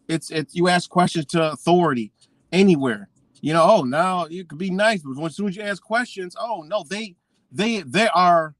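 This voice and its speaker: A man's voice: fairly high pitch, a bit bright, no room sound. A man ranting on a live stream, rambling and swearing freely as he talks. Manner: profane, rambling, heated. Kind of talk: casual live-stream rant.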